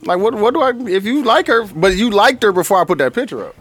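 A man's voice: high-pitched, big pitch swings, quick pace, a bit bright. A man co-hosting a podcast, teasing and laughing in casual banter. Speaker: podcast co-host. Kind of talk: casual chat.

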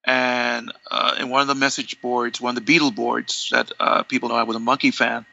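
Gravelly, bright-voiced man telling a story. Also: mid-range voice, brisk, lo-fi sound. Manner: animated, acts out quoted dialogue, many restarts. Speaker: interview guest, longtime fan. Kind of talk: conversational storytelling.

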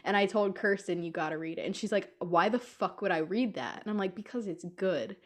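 A woman's voice: mid-range voice, a little fast. A young woman co-hosting a casual podcast chat, telling stories and laughing often. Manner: laughs often, chatty and storytelling. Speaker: podcast co-host.

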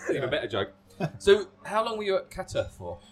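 Playful male podcast host, very lively intonation, loves a joke. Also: high voice, a little fast, a little hiss or hum. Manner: playful, joking interviewer. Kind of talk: casual chat.

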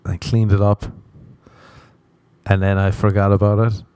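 A man's voice: on the low side, little pitch movement, a little slow, mellow, clean tone, no echo. A man hosting a podcast, telling rambling, profane, self-mocking stories in a casual comedic monologue. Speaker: podcast host.

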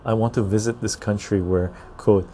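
A man's voice: fairly low pitch, fairly even intonation, normal speed, dark tone, a little hiss or hum. A man hosting a casual podcast chat from a patio, reading chat comments aloud, laughing often and swearing freely. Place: outdoor patio.

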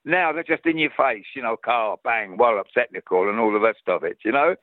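A guest actor in a casual chat, this older man from London, England, has a Cockney accent and tells lively, rambling anecdotes, restarting often. He speaks at medium pitch and a fairly quick pace on a dry recording with phone-quality sound.

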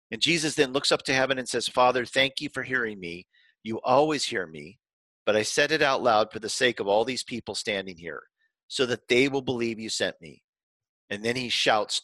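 A man delivers a sermon with a bright, forward voice, recorded dry and close with no room sound. He retells scripture in a casual, conversational way, sometimes restarting phrases and slowing down to stress his main points. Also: medium pitch, no room sound, poor audio. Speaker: pastor.

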